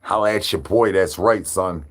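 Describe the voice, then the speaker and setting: A man's voice: sits low, moderate pace. A man hosting a livestream, rambling absurd rhyming slang as a brain-hungry zombie persona. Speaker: livestream host. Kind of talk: absurd comedic livestream rant.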